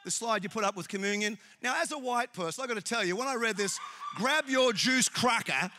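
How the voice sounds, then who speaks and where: A middle-aged Australian man preaching a humorous sermon in church, telling animated, jokey stories. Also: high voice, fast, a little hiss or hum.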